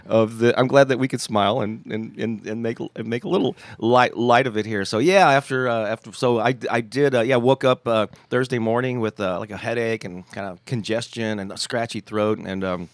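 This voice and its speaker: A man hosting a casual live stream, slightly nasal with a scratchy, congested throat, talking in a halting way with many restarts and chuckles. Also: medium pitch, dry recording. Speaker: host.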